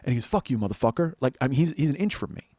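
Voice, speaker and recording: A man's voice: mid-range voice, rapid-fire, mellow, no room sound. A man in his forties telling a rambling, profane story as a podcast host. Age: 40s. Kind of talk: storytelling monologue.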